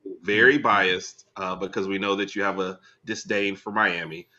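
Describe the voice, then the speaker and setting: Man, podcast co-host, low pitch, very bright tone, lively inflection. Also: normal speed, dull audio. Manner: wry, joking. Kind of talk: casual sports chat.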